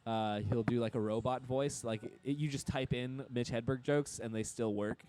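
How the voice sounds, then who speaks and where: A male comedian hosts his podcast in a loose, joking chat and laughs between remarks. His voice sits at an everyday middle pitch. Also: fairly even intonation, moderate pace, a little mellow. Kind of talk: casual chat.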